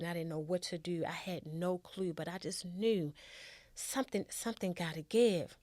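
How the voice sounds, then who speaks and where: A woman's voice: fairly low pitch, steady tone, moderate pace, a little mellow, dry recording. A middle-aged woman, a show's guest, candidly telling her own life story in a heartfelt way.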